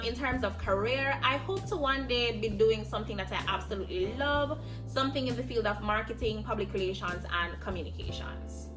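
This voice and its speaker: A Jamaican woman in her twenties speaking earnestly in a reflective personal vlog. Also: mid-range voice. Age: 20s. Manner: earnest, heartfelt, emphatic. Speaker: vlogger. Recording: distant mic with music behind. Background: music.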